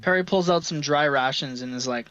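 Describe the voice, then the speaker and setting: A man's voice: on the high side, brisk, loud music behind the voice. A man playing a tabletop game in a playful, giggly way, heard through a dull lo-fi mic. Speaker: player.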